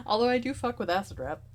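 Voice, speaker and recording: A woman's voice: a little high, a little hiss or hum. A young woman streaming a game, chatting casually, giggling often and swearing freely.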